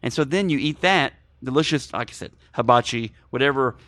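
A man co-hosting a movie podcast, chatting in an animated, joking, rambling way. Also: mid-range voice, a little fast, dry recording. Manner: animated, jokey, rambling with food analogies. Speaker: podcast co-host. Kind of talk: casual movie podcast chat.

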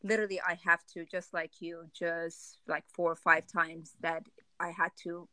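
Woman, former spa manager, somewhat low voice, bright edge, casual and halting. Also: dry recording, low-quality recording. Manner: relaxed, halting, restarts sentences. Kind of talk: casual conversation.

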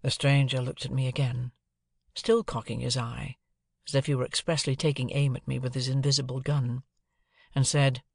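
A man narrating an audiobook in a measured, steady storytelling manner. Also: medium pitch, gravelly, no room sound, studio quality.

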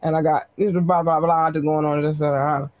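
A woman podcast host giving casual live-stream shout-outs to her listeners, talking in a slangy, blunt, chatty way. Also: low voice, little pitch movement, normal speed, dry recording, highs cut off.

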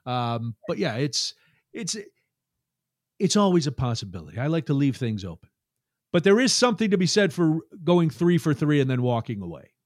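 A man's voice: on the high side, very animated, normal speed, a little mellow, dry recording. A man guesting on a podcast, chatting casually with dry, self-mocking humor. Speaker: podcast guest, comedian and radio host. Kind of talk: casual interview chat.

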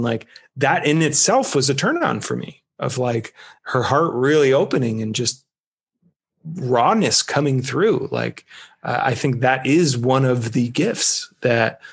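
A man's voice: medium pitch, vocal fry, slightly rough. A man talking earnestly and reflectively in a casual podcast conversation. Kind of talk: casual conversation about intimacy.

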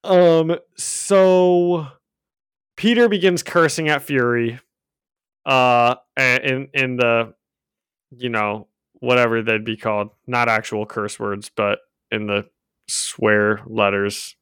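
A man's voice: medium pitch, steady tone, slow pace, fairly bright tone, clean tone, dry recording. A man co-hosting a casual comics podcast from home, chatty and laughing often as he acts out quotes. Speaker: podcast co-host recapping comics. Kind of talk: casual chat. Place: home room with a cat. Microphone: own desk microphone.

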